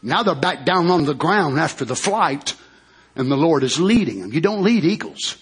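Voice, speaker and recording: A man preaching a fervent sermon, often breaking into shouted hallelujahs. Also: on the high side, sing-song, normal speed, slightly rough.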